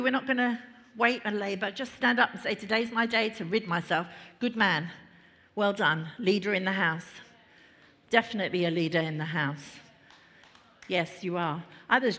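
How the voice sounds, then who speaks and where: A woman pastor preaching a lively, conversational sermon in a church, laughing and chatting between points. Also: a little high. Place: large church hall. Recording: reverberant church hall.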